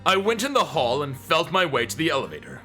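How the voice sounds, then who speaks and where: A man voicing a furious, vengeful older male prosecutor from a video game, shouting in drawn-out bellows. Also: fairly high pitch, huge pitch swings, soft background music, full character voice. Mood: grim recollection.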